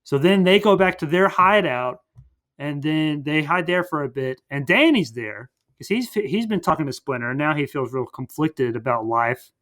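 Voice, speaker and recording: A man hosting a podcast, casually recapping a movie in a rambling way full of fillers. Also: fairly high pitch. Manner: rambling, filler-heavy retelling. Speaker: podcast host.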